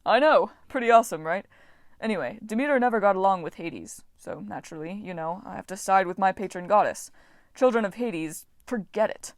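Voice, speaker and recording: A woman's voice: mid-range voice, expressive, brisk, no echo, clean studio sound, close to an everyday voice. A woman voicing an eccentric, self-absorbed male farming god, chatty and enthusiastic, in a storybook reading.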